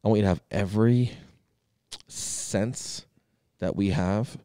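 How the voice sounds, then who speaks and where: A man's voice: on the low side, takes it slowly, dark tone, clear, resonant tone, no room sound, clean studio sound. A man in his thirties co-hosting a podcast, talking casually and energetically, swearing freely for emphasis. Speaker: podcast co-host.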